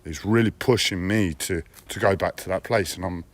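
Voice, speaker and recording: A man's voice: low-pitched, moderate pace. A man streaming live, talking in a blunt, profane personal monologue with repeated phrases and a whiny edge.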